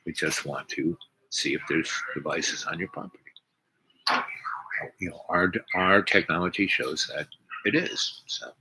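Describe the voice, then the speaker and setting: A man's voice: sits low, unhurried. An older man telling a rambling personal story, meandering through restarts and asides. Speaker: speaker. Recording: noisy recording with clicks.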